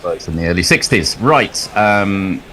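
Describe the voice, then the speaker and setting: A man's voice: sits low, lively intonation, measured pace, a bit bright. A man commentating on cricket ball by ball, drifting into a long, chuckling anecdote between deliveries. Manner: rambling storyteller, chuckles often.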